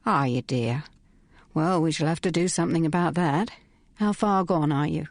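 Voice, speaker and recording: A woman's voice: mid-range voice, normal speed, darkish tone, no echo, pitched above the performer's own voice. A woman voicing an older woman on the telephone who sounds sympathetic and then businesslike, calling the caller dear. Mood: smooth, brisk. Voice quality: syrupy, businesslike. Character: older woman abortionist on the phone, falsely sweet.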